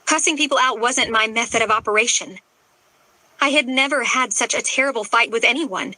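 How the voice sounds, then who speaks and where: A woman reads a first-person romance novel aloud with emotional, dramatic storytelling. Her voice is bright and a touch high, close to the mic in a dry, deadened space. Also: fairly quick, no room sound, low-quality recording. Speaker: audiobook narrator. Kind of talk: first-person scripted narration.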